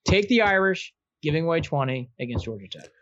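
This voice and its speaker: A man runs through his weekly betting picks with a playful, teasing swagger, openly cheering for his favorite teams. His voice sits a little high, and the audio comes through muffled and lo-fi. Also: big pitch swings, fairly quick, fairly bright tone. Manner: playful, teasing, fan-boyish. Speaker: betting picks segment host. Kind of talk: casual sports betting banter.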